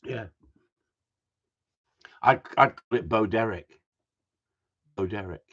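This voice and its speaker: A man's voice: lowish voice, slow, fairly bright tone. A middle-aged man hosting a live stream, chatting casually with viewers, swearing a lot and laughing often. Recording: dull lo-fi sound.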